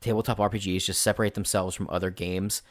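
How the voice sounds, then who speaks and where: Casting note: low-voiced game master guest, rambling and casual, heavy on fillers. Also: male voice, level tone, quick pace, no room sound, studio quality. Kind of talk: casual interview chat.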